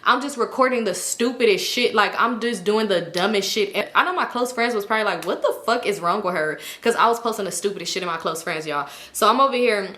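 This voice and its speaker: A woman telling a storytime in a casual, animated, slangy way with lots of swearing. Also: medium pitch, fast talker, hardly any pauses. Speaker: storytime vlogger. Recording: echoey room.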